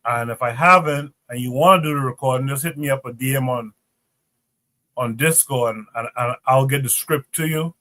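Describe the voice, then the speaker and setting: A man hosting a casual livestream chat who talks in a relaxed way with many filler words. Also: medium pitch, moderate pace. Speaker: host.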